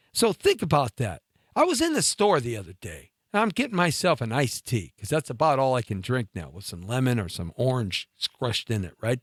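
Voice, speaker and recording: A man hosting a talk show, ranting in a comedic monologue, mocking and animated with sudden jumps in pitch. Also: husky, no echo, studio quality. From mixed Latin and Scottish-Irish heritage.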